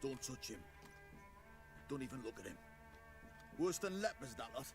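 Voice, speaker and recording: A man's voice: mid-range voice, very animated, normal speed, music in the background. An actor playing a coarse, brutish male tavern thug who jeers and threatens. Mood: taunting. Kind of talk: video game voice acting.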